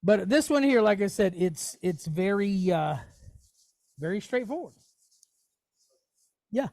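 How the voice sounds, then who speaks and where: A man teaching a Hebrew lesson in a relaxed, conversational way, often checking in with his listeners. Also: sits high, slow pace, no echo, clean studio sound. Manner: conversational, checks in often with "okay?" and "you know". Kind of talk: casual teaching, explaining on screen.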